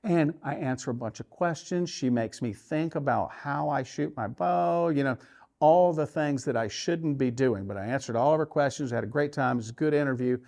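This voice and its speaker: Male archery coach, mid-range voice, animated storyteller who acts out his inner voice. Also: medium pitch, normal speed, vocal fry. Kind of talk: tournament story and coaching talk.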